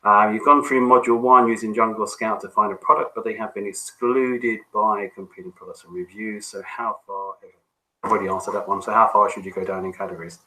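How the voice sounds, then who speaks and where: Brief: male business coach, forceful bright tone, easygoing delivery, lots of filler words. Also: lowish voice, a little fast, rough recording. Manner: relaxed, conversational, frequent ums and restarts. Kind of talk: coaching call, answering questions.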